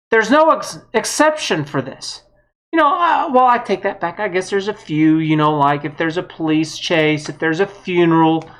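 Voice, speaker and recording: A woman giving a blunt, heated political opinion monologue, with some mild swearing. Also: low voice. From United States. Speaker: vlogger.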